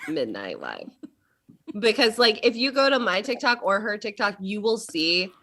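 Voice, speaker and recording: A woman co-hosting a casual book chat on a video call, telling stories fast and laughing a lot. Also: medium pitch, slight background noise. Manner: animated, laughing, fast storytelling. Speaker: book club co-host.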